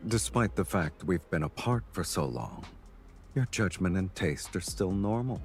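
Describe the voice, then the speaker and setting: Menacing chaos lord, game voice, very deep, slow drawl, dry teasing. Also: male voice, expressive, faint music behind. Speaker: game character. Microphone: game audio captured in a stream.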